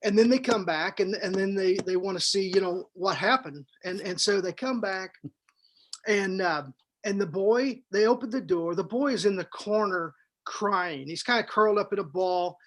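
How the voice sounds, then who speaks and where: A man with a high voice tells a story in a loose, chatty podcast style. He circles back on his words, stacks up fillers and gets animated at the good parts. He sounds like an author talking through his own book with a friend. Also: normal speed. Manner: animated, rambling storyteller who repeats words. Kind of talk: casual storytelling chat.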